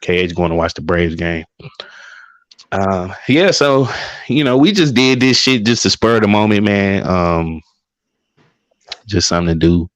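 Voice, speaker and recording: A man with a fairly low voice swaps football talk and stories with friends, swearing freely and getting loud and animated as he tells them. The sound is dry and close, with no room around it. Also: unhurried, long pauses, no room sound. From Milwaukee, Wisconsin. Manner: profane, animated storytelling. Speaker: podcast host. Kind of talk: casual sports chat.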